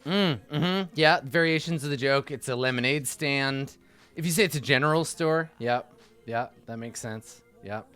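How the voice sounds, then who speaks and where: A man's voice: medium pitch, normal speed, a bit bright, clear, resonant tone. A young man casually commenting on a game he is playing, joking and rambling with a self-mocking streak. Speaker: let's-play host.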